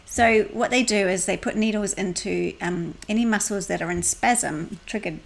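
Gravelly-voiced woman chatting on a podcast. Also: mid-range voice, normal speed. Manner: chatty storytelling, laughs often. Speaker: podcast co-host and salon business coach. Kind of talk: casual podcast chat.

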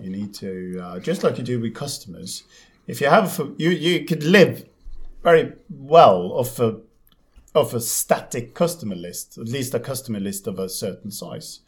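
A man in a casual podcast chat, speaking at an ordinary mid pitch. His delivery is loose and trails off, and he teases his co-host in a dry way. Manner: teasing, dry banter, trailing off.

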